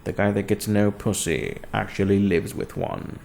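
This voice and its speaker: A man's voice: fairly low pitch, steady tone, moderate pace, vocal fry, a little mellow, a little hiss or hum. A young man hosting his own web show from his living room, talking in a crude, self-mocking, rambling way. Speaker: host of a home web show. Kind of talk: casual rambling comedic monologue.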